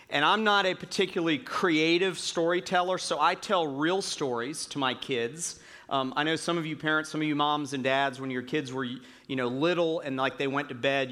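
Chatty joking male pastor, fairly high voice. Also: a bit bright. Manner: chatty and self-mocking, with fillers. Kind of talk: sermon.

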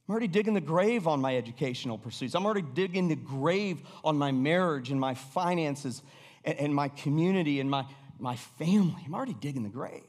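A middle-aged American man preaching in a chatty, unscripted way, his voice sitting a little high for a man. He trips over restarts and now and then sinks to a hush. Long reverb rings around him in a big hall. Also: lively intonation, fairly quick. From United States. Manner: conversational, with repeated restarts and sudden drops to a hush. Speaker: pastor. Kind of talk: sermon.

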